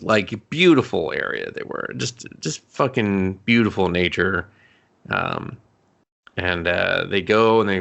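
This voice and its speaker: A man's voice: on the low side, vocal fry, fairly bright tone. A man co-hosting a movie podcast, retelling scenes in casual chat with mocking voices, swearing and laughing. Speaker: podcast co-host.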